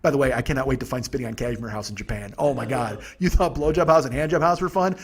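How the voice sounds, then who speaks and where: A man in his forties hosting a comedy podcast, telling a rambling, profane, exasperated story in a husky voice. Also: mid-range voice, fast. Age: 40s. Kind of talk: storytelling monologue.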